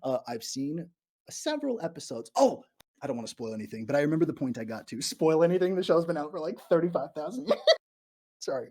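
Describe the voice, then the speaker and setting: A man's voice: on the high side, big pitch swings, quick pace, warm tone, breathy edge. A nervous man rambling and laughing as he answers viewer questions during a live stream from an abandoned morgue. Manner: nervous, rambling, giggly, self-deprecating. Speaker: YouTuber livestreaming to fans.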